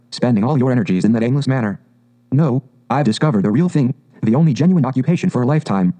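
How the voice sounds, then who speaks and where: A man voicing a boastful, excitable male toad who talks in a grand, gushing way. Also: mid-range voice, close to an everyday voice. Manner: pompous, gushing, exclamatory.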